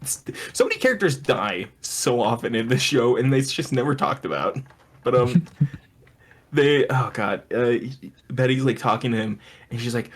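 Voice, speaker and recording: A man's voice: medium pitch, normal speed, breathy edge. Laughing man retelling a show scene by scene. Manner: animated storyteller, quoting characters in put-on voices, laughs often. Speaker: podcast co-host. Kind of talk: casual comedic chat.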